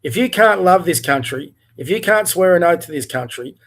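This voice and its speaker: An Australian man with a fairly high voice delivers a furious rant on his livestream. He talks bluntly, swears often and fires off heated rhetorical questions. He sounds like he is speaking from home. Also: animated, normal speed, a bit bright. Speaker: livestream host. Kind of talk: angry political rant. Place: home, in front of a TV.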